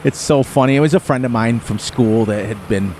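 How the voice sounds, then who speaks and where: A man's voice: mid-range voice, a little fast, darkish tone, a little hiss or hum. A middle-aged man chatting to his viewers during a live game stream. He rambles in a folksy way and laughs often. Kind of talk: casual rambling chat to viewers.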